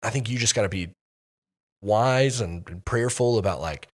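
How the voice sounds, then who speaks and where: A man with a low voice chats casually on a church podcast. He talks in halting stretches, circling back and restarting as he works through an idea. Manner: hesitant, many restarts and fillers. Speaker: pastor and podcast co-host.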